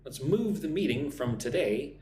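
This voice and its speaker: Lively-voiced male English teacher, roomy. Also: fairly high pitch. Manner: slow, deliberate pronunciation drilling; encouraging, thanks viewers by name. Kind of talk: live-streamed English lesson. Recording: roomy echo with faint hum.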